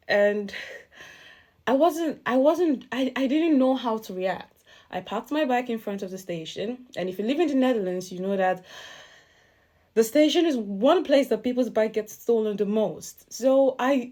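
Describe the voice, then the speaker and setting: A young woman vlogger telling a casual storytime, chatty and animated, often breaking into laughter. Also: on the high side.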